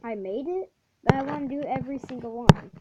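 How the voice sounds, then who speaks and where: A woman giving casual gameplay commentary as a channel host, halting and restarting often, then bursting into excited exclamations. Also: high-pitched. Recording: dull lo-fi audio with steady background noise.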